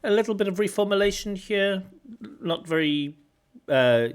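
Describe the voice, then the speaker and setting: A man giving commentary as a speaking examiner, explaining errors and slowly modelling the correct pronunciation of words. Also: high voice, animated, clean tone. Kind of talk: exam feedback commentary.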